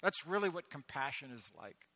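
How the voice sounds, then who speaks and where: A man preaching a sermon, swelling into loud, emphatic delivery with rhetorical questions. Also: mid-range voice, big pitch swings, moderate pace. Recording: echoey hall with long reverb.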